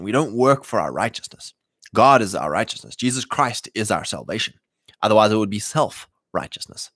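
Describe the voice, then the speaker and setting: A man's voice: lowish voice, fairly bright tone, no room sound, studio quality. A man preaching casually to a live chat, emphatic and slangy, often mimicking imagined voices. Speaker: Christian livestream host.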